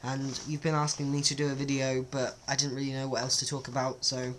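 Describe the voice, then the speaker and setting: A man's voice: mid-range voice, monotone, brisk, fairly bright tone, a little hiss or hum. A man talks casually to camera in a vlog, hesitant and self-conscious, with many ums. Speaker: vlogger. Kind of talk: casual accent-test vlog.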